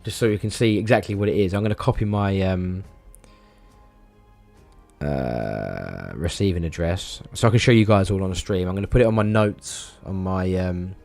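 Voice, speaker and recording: Rambling low-voiced man streaming. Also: normal speed, vocal fry, darkish tone, soft background music. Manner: rambling, stammering, swears casually. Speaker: live streamer. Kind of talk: casual live-stream chat.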